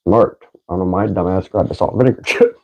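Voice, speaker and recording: A man's voice: sits low, steady tone, fast, darkish tone. A man hosting a casual podcast, doing a food taste challenge, laughing often and swearing casually. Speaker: podcast host.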